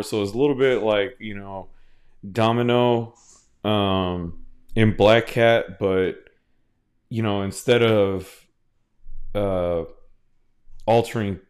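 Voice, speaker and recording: A man hosting a podcast, talking casually and at length, with many restarts and fillers, swearing freely. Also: on the low side. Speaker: podcast host. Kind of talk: casual solo podcast monologue.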